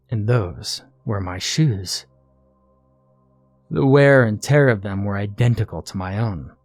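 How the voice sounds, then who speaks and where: A man tells a horror story in a low, hushed voice, leaning on dramatic pauses. The sound is close and dry, and faint music plays softly behind him. His pitch sits on the lower side. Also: dry recording. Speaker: narrator. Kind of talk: scripted horror narration.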